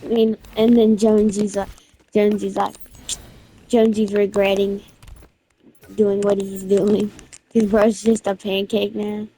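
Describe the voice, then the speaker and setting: A woman narrating a game event in a casual, excited, slangy way, restarting her sentences again and again. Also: medium pitch, a little slow, long pauses, slightly rough. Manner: rambling storytelling with constant restarts. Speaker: gaming video creator.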